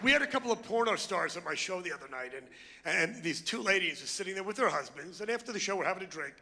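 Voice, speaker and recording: A brash male stand-up comedian works the crowd on a club stage, his voice gravelly and sharply bright. The live hall carries a long reverb. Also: high-pitched, animated, fast talker, slight background noise. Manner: brash, crude, crowd work.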